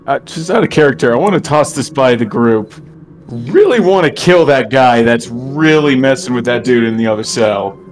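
A man's voice: mid-range voice, animated, normal speed. A man speaking as a tabletop game player, chatting out of character with hesitant, trailing-off phrasing. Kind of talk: casual out-of-character chat.

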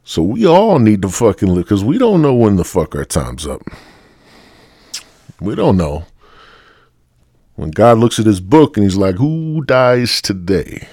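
A man's voice: lowish voice, sing-song, a little slow, pauses often, mellow, husky, dry recording, studio quality. A male podcast host rambling bluntly through a profane solo rant. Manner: rambling, heavy swearing, blunt.

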